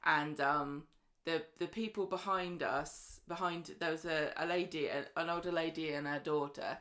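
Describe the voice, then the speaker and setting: A woman's voice: deep voice, fairly even intonation, moderate pace, fairly bright tone. A woman co-hosting a podcast, chatting casually with teasing banter. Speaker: podcast co-host. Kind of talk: casual chat.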